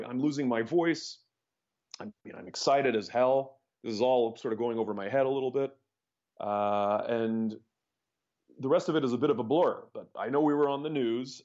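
A man telling his story as a podcast guest, rambling and animated, with many restarts. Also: mid-range voice, moderate pace. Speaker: interview guest, startup founder. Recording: dull lo-fi podcast audio.

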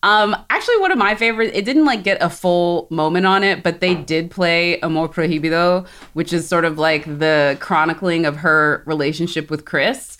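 A woman from South Texas, co-hosting a podcast in animated, enthusiastic casual chat with quick asides. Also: lowish voice. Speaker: podcast co-host.

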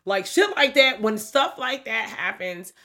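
A woman's voice: on the high side, animated, unhurried, sharp tone. An American woman co-hosting a casual podcast chat, talking in a slangy, profane and playful way. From United States. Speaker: podcast co-host.

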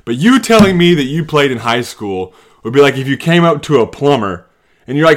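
A man in his thirties hosting a solo podcast from his basement. He rants and jokes, jumping from loud mocking bits to low muttered asides. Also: very animated, fairly quick. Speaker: podcast host. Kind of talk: solo comedic rant. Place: home basement.

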